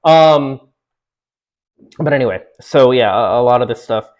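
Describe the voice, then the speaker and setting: A young man in his twenties chats loosely to his viewers. He rambles and restarts sentences, and fillers, laughs and the odd swear word break up his talk at an ordinary middle pitch. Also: quick pace, a little mellow. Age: 20s. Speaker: vlogger. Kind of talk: casual chat to camera.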